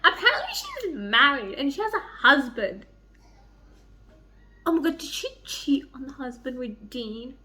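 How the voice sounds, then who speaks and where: In this casual reading vlog, a young adult book vlogger with a high-pitched voice reads romance novel quotes at a normal speed. She's at home near a heater, excitable, swearing a lot and gushing over the characters.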